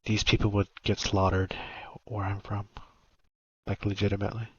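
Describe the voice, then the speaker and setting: Low-voiced man, raspy texture, blunt provocative chatter, muffled lo-fi recording. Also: level tone, moderate pace, dry recording. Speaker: online game player. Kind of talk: casual voice chat.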